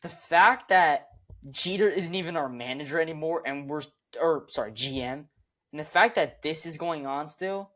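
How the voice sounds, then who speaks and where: A man's voice: a little high, normal speed, a bit bright. A man co-hosting a casual sports podcast, emotional and rambling, often repeating himself. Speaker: podcast co-host.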